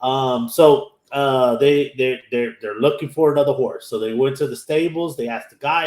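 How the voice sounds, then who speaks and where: A man's voice: mid-range voice, moderate pace, a little mellow. A man, casually recapping an anime episode in a rambling way and acting out the characters' lines. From Texas, USA. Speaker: anime podcast host. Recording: echoey room.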